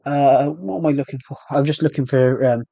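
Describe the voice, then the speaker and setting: A man's voice: mid-range voice, brisk, creaky, mellow, soft background music. A man with a British accent chats loosely to his viewers on a long game livestream, drifting between comments and muttering to himself about what he's doing. His voice sits in a middle range. The sound is dry and close, with no room echo. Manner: rambling, chatty, talks to himself while playing. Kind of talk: casual gameplay livestream chat.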